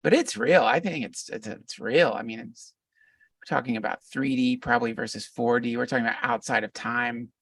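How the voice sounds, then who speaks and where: Middle-aged male guest, gravelly, reflective, restarts a lot; dry, slightly distant pickup. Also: mid-range voice, brisk, a bit bright, dry recording. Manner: reflective, meandering, many restarts. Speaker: podcast guest. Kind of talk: casual conversation.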